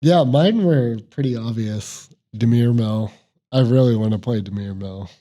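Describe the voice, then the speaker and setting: Male co-host, mellow timbre, easygoing banter, frequent laughs. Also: medium pitch, a little slow. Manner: laughs often, lots of "like". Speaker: podcast co-host. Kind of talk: casual chat.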